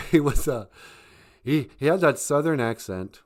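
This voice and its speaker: A man's voice: mid-range voice, animated, a little slow. A man hosting a casual livestream, joking and laughing often. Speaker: livestream host and comic author.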